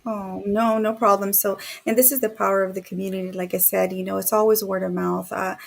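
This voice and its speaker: A woman's voice: mid-range voice, level tone, a little fast, gravelly. A woman hosting a podcast interview, upbeat and encouraging toward her guest and audience. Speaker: podcast host. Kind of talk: interview conversation.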